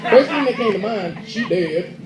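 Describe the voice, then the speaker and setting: A man's voice: high voice, expressive, normal speed, crowd noise. Young man doing stand-up in echoey hall. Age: young adult. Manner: storytelling, acting out characters' lines. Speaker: stand-up comedian. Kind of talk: stand-up comedy set. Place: school auditorium stage. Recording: echoey hall with audience noise. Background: audience laughter and murmur.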